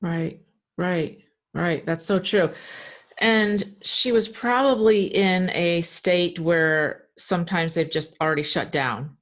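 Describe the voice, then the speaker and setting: A woman with a fairly low voice speaks slowly and calmly in an interview. She agrees and reflects points back in an unhurried, conversational way.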